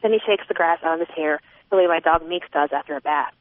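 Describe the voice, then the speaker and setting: A woman's voice: low voice, quick pace, slight background noise. Woman reading a novel over a tinny line. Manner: expressive, voicing a twelve-year-old girl's inner thoughts. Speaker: audiobook narrator. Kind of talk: first-person novel reading. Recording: narrow phone-like sound, dry.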